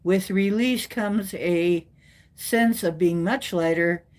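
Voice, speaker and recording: A woman's voice: on the low side, slow, darkish tone. A woman hosting her own video, chatting playfully and reading oracle cards aloud, prone to joking voices.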